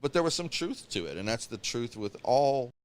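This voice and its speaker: A man co-hosting a podcast in casual chat, ranting in an animated way and mocking other people in quotes. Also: medium pitch, moderate pace, clear, resonant tone. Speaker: podcast co-host.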